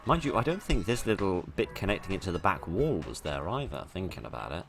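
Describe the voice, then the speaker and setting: A man chats his way through a video game with rambling, self-deprecating commentary. His voice sits very low. Faint music plays behind him. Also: sing-song, fast, gravelly. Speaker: let's play host. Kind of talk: casual gameplay commentary.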